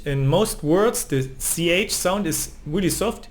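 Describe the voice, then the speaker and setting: German-accented man teaching, slightly high voice. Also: big pitch swings, unhurried, fairly bright tone. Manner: ends phrases with a questioning "no?". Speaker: language teacher. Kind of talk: explaining lesson.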